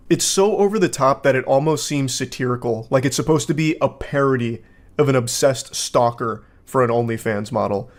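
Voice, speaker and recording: A man's voice: mid-range voice, moderate pace. A man giving casual video commentary in a dry, sarcastic manner.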